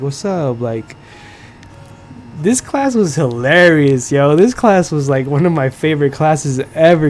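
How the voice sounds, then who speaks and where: A man's voice: a little high, a little mellow, a little hiss or hum. A young man hosting a podcast, telling a school story in loose, profane talk, full of "like" and laughter. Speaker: podcast host. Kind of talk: casual storytelling.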